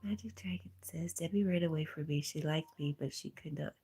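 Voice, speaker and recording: Husky low-voiced woman, stuffy and soft. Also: a little fast, few pauses. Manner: soft, often half-whispered, breaks into laughs. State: stuffy nose. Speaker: livestream host. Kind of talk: casual chat reading live comments.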